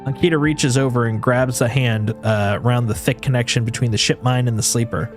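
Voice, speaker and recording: A man's voice: mid-range voice, fairly even intonation, brisk, soft background music. Man narrating a video game aloud. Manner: second-person narration with frequent restarts. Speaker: streamer. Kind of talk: reading a video game's story aloud.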